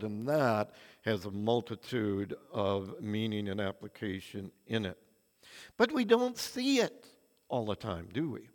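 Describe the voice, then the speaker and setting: A man's voice: a little high, very animated, unhurried. An older man preaching a sermon in a church, telling stories with earnest, dramatic swings of emphasis. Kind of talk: sermon with anecdotes. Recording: long reverb of a large hall.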